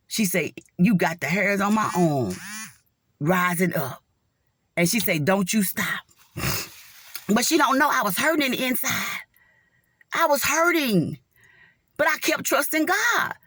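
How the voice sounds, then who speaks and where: A woman's voice: medium pitch, a bit bright, no room sound. Woman, middle-aged, heartfelt testimony, talks to y'all, dry recording. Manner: earnest, heartfelt, addresses listeners as y'all. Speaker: nurse sharing a faith testimony. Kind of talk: casual spoken testimony to viewers.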